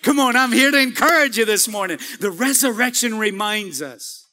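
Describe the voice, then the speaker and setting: Male pastor, very high pitch, long reverb of a church hall, call-and-response preaching. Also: normal speed, bright, forceful tone. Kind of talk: sermon. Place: church sanctuary.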